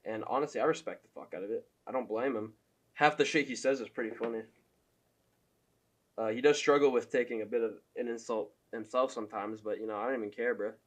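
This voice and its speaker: A man's voice: mid-range voice, steady tone, quick pace. A young man giving loose, profane opinion commentary as a fan, full of fillers and laughs.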